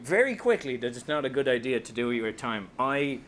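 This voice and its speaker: A man's voice: mid-range voice, sing-song, brisk, fairly bright tone. A man with an Irish accent giving a comic, self-deprecating talk as an author, telling stories to an audience. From Ireland. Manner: self-deprecating, joking storyteller.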